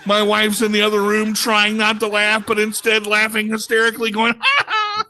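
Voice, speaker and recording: A man performing a stand-up comedy routine at a club, telling an animated story and acting out the voices of the people in it. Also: high voice, brisk, very noisy.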